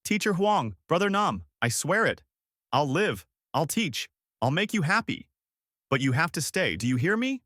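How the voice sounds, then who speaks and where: A man voicing a grieving young woman teacher who shouts and pleads through tears. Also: mid-range voice, very animated, normal speed, dry recording, clean studio sound. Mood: anguished shouting.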